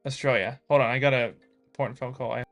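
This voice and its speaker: Soft music plays behind a young American coding vlogger who mutters and thinks aloud as he writes code, chatting casually with viewers. His medium-pitched voice is steady and fairly bright, and he talks quickly.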